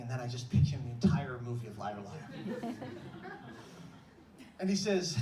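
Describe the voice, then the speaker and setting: A man telling a comic story on stage in an animated, breathless, exclamatory way. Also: mid-range voice, moderate pace, long pauses, over music. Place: stage in a large room. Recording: echoey stage from far off, faint room ambience.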